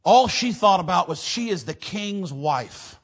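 A man preaching a fiery sermon, emphatic, with repeated amens, swinging between loud declarations and hushed asides. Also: sits high, animated, measured pace.

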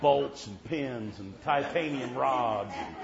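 A man's voice: mid-range voice, takes it slowly, gravelly, crowd noise. Folksy preacher man telling a story. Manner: folksy, punctuates with amen, swings loud to hushed. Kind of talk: sermon storytelling. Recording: muffled lo-fi with faint hiss.

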